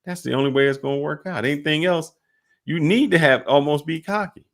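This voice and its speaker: A man hosting a podcast, telling sports stories in casual talk over a call, often getting animated and loud. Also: fairly high pitch, fairly quick. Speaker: podcast host.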